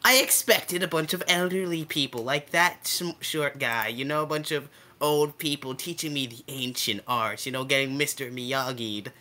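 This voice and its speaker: A man's voice: mid-range voice, sharp tone. Sarcastic young man cracking jokes. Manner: joking, sarcastic, quick wisecracks. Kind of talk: playing a character in a tabletop game.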